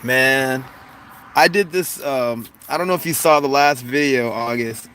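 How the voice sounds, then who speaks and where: Casual host in his 40s, not very deep voice, joking and laughing on a livestream, faint noise behind. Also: unhurried, fairly bright tone. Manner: laughs often, jokes about putting on accents. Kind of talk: casual livestream chat reading comments.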